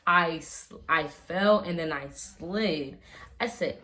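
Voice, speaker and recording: Young woman, lowish voice, casual slangy storyteller, rambles, restarts a lot. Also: slow, background noise. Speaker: vlogger.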